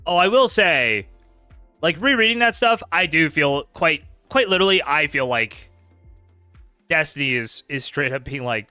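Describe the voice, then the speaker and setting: A male streamer picks apart chat logs with sarcastic disbelief and plenty of laughter. His voice is bright and lively, and it swings widely in pitch. The room sounds dry and close. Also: normal speed, clean tone, no room sound, faint music behind. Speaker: streamer host. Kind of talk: casual commentary reading chat logs aloud.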